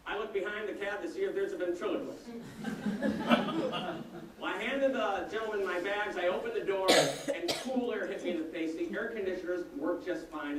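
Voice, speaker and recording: A man delivers a keynote as an animated, humorous storyteller. His voice sits high for a man. The recording is roomy and echoey, picked up from a distance. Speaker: keynote speaker. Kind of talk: storytelling customer service speech. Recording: echoey room, distant mic, faint noise.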